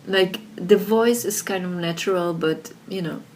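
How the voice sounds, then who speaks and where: Woman presenter, slightly low voice, relaxed and filler-heavy, built-in laptop mic with light background noise. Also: unhurried. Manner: chatty, many fillers like "like" and "you know". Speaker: software tutorial presenter. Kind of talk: casual screen-recorded tutorial. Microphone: built-in laptop microphone.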